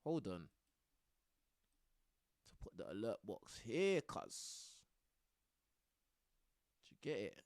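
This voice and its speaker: A man's voice: lowish voice, very animated, slow pace, pauses often, darkish tone, dry recording, clean studio sound. A young man chatting casually to his live stream audience, tossing in bruv and bro.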